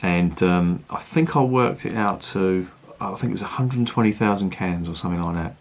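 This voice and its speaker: A man's voice: low voice, normal speed. A man reviewing beer in a rambling, chatty and sweary way. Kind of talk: casual review chat.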